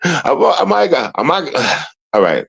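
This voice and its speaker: A man's voice: on the high side, wildly swooping pitch, measured pace, creaky, fairly bright tone, husky, poor audio. A young man chatting casually to his livestream viewers, rambling and mock-sad, calling out to everybody again and again.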